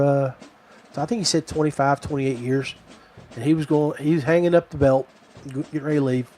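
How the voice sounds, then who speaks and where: A man's voice: on the high side, fairly even intonation, fairly quick, darkish tone, a little hiss or hum. A middle-aged man from Virginia, hosting a podcast and telling a rambling, digressive story. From West Virginia. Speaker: podcast host. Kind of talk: casual storytelling.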